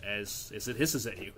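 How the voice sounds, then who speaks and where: A man narrating as game master of a tabletop game, describing scenes slowly with many fillers. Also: mid-range voice.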